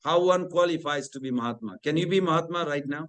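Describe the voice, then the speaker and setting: A man leads a devotional scripture class. His voice sits fairly high, and it climbs higher still whenever he acts out the characters' lines in the story he is telling. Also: quick pace, low-quality recording. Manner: storytelling, acting out dialogue with rising pitch.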